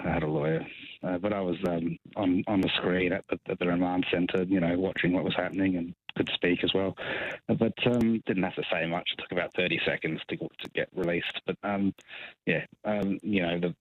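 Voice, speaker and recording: An Australian man calling in to a talkback show, husky, rambling and hesitant with many ums and restarts. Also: low voice, fairly even intonation, a little fast. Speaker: caller. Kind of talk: phone-in talkback call. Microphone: telephone. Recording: tinny phone line.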